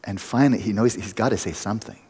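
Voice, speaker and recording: Husky low-voiced man teaching in a hall. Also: quick pace, a little mellow. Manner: playful, teasing, laughs often. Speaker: meditation teacher. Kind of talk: retreat lecture with storytelling.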